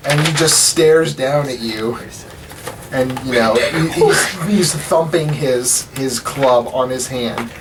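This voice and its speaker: A man's voice: medium pitch, takes it slowly. A man running a tabletop game as dungeon master, narrating loosely with many fillers. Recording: distant mic with background hiss.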